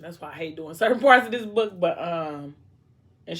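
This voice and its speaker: Young woman reading a book out loud, chatty asides, lowish voice. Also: lively intonation, normal speed. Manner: conversational, with many fillers and asides. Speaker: book reader. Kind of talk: casual book reading and recap.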